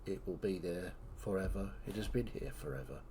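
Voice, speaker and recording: A man's voice: sits low, brisk, dark tone, a little hiss or hum. A man narrating a tabletop game as game master in an easygoing way.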